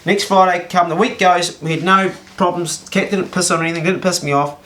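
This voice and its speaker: A man's voice: sits high, steady tone, a little fast, bright, forceful tone. A man in his fifties with a New Zealand accent, telling a casual anecdote in a blunt, exasperated way. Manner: blunt, exasperated, swears freely. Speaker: storyteller.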